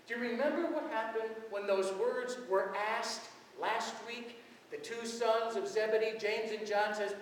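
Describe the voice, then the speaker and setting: A man preaching as pastor in a large church, telling stories in a lively way. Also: sits high, unhurried, distant mic, a little hiss or hum. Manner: storytelling, animated. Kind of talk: sermon. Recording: echoey church heard from afar.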